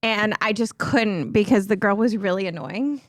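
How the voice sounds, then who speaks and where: A woman's voice: medium pitch, moderate pace, dry recording, clean studio sound. A woman co-hosting a podcast in casual chat, teasing and bantering flirtatiously. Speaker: podcast co-host.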